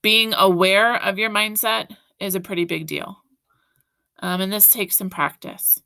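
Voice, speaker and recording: Woman teacher, bright gravelly voice, encouraging video lesson to students, close and dry. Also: mid-range voice, steady tone, a little slow, no room sound. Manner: encouraging, talks directly to students with frequent "right?".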